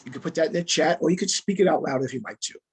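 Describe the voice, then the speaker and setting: A man with a rather high, deeply husky voice leads a training session over a video call. He talks in a loose, conversational way and circles back on his phrases to drive a point home. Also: very fast. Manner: conversational, repeats phrases for emphasis. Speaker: workshop facilitator. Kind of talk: interactive training talk.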